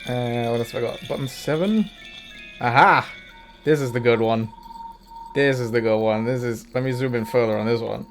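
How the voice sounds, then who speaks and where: A man's voice: medium pitch, moderate pace, faint music behind. A man streaming as a VTuber, chatting casually and often breaking into laughter. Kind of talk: casual livestream chat.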